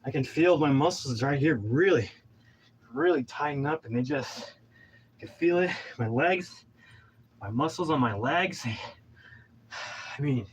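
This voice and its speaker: A man's voice: on the high side, animated, a little slow, long pauses, breathy edge, low-quality recording. A man in his thirties, out of breath from exercising, giving a pumped-up, rambling motivational talk. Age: 30s. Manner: pumped-up, preachy, rambling with restarts. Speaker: vlogger.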